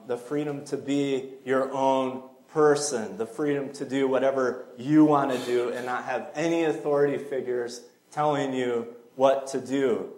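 A man's voice: medium pitch, a little mellow, roomy sound, poor audio. A man preaching a sermon in a church sanctuary, earnest and conversational, with small fillers along the way.

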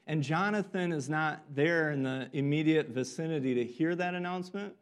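A man's voice: on the high side, moderate pace, few pauses, clear, resonant tone. A man preaching a sermon earnestly, acting out the voices of people in a story. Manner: earnest, acts out quoted voices.

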